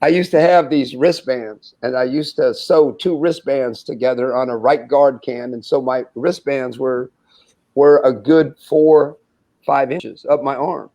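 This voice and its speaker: A man's voice: mid-range voice, a little slow, poor audio. A man in his sixties from the United States, a former basketball player telling anecdotes as a podcast guest, acting out dialogue and chuckling often. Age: 60s. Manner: animated storyteller who acts out dialogue, chuckles often. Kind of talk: anecdotal storytelling in an interview.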